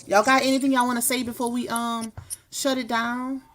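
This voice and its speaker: A woman's voice: a little high, little pitch movement, normal speed, crowd noise. A woman hosting a livestream, signing off in a casual, chatty way, often repeating words as she thanks guests and viewers. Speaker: livestream host.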